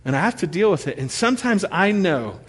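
A man in his thirties preaching a sermon, telling stories with animated energy and acting out what people said. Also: high-pitched, brisk, breathy edge. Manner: animated storytelling, acting out quotes. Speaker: pastor. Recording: long reverb of a large hall.

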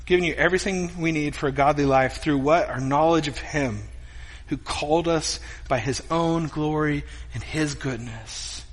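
Man, pastor, sermon, animated storytelling, high-pitched, long hall reverb. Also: moderate pace. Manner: animated storytelling, acts out scenes. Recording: echoey hall with guitar music behind.

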